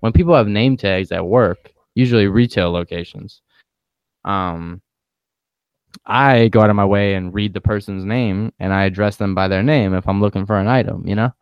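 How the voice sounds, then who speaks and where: Chill young guy, smooth clear voice, joking at his own expense, dry sound. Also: lowish voice, moderate pace, dry recording, lo-fi sound. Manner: laid-back, self-mocking, laughs a lot. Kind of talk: casual chat.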